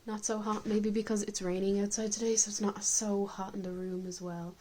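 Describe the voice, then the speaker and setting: A woman's voice: medium pitch, flat delivery, fairly quick, dark tone, poor audio. Chatty woman filming a home video diary. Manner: chatty, candid, with frequent coughs. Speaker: vlogger. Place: indoors at home.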